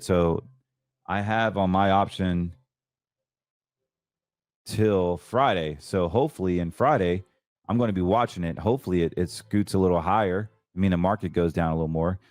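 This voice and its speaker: A man with a fairly low voice talks casually about trades, chatty and emphatic, stumbling now and then and correcting himself. The sound is dry and close, with no room around it. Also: moderate pace, a little mellow, dry recording. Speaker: financial show host. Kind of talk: casual market commentary.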